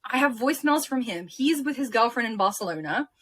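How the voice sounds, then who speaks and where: A young woman from Ukraine, interviewed as a guest, retelling events in an animated, emotional way. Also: on the high side, a little fast, breathy edge. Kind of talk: casual interview storytelling.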